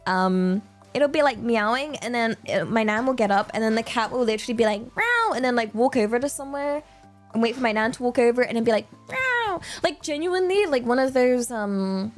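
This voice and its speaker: A woman's voice: a little high, fairly quick, faint music behind. A young woman with a British accent chatting casually on a livestream, rambling with lots of filler words and laughter. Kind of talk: casual stream chat.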